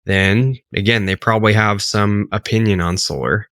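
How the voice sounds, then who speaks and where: Low-voiced man coaching sales, dry sound. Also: normal speed, no room sound. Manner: relaxed, filler-heavy, explains step by step. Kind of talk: casual coaching commentary.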